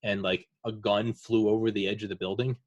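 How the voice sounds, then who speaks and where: A man's voice: on the low side, flat delivery, fairly quick, no echo, lo-fi sound. A man hosting a casual podcast chat, retelling veterans' war stories in a rambling way with lots of fillers. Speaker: podcast host.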